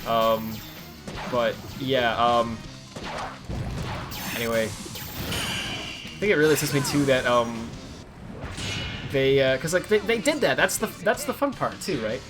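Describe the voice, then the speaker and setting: A man's voice: medium pitch, animated, unhurried, pauses often, music in the background. Rambling young man streaming a game. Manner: rambling, filler-heavy, self-correcting. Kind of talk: casual gameplay commentary.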